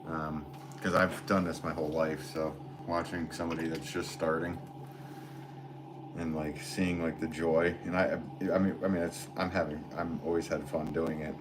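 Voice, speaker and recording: An American man in his forties, a potter chatting casually on a livestream and reading viewer comments in a rambling, relaxed way. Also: rumbling low, normal speed, background noise. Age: 40s. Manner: rambling, relaxed, filler-heavy talk with laughs. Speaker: potter streaming live.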